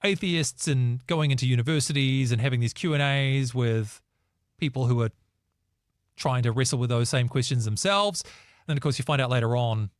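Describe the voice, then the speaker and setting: A man with a New Zealand accent hosting a casual chat show, lively and jokey, often slipping into mocking voices. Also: medium pitch, moderate pace, smooth, no echo, studio quality. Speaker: host.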